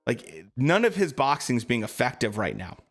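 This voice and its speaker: A man's voice: medium pitch, wildly swooping pitch, moderate pace, soft background music. A man streaming live, chatting casually about boxing and answering his viewers, with lots of fillers.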